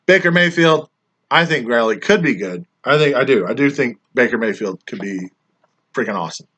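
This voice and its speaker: Bright-voiced man teasing his buddies. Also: medium pitch, expressive, normal speed. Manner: teasing, rambling, trails off quietly at line ends. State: voice getting worn. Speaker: fantasy football league member reviewing drafts. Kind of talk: casual chat grading friends' teams.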